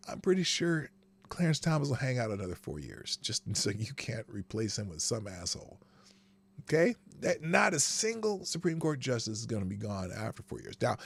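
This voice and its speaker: Gravelly sarcastic male political host. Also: medium pitch. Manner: sarcastic, laughing asides. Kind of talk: political commentary.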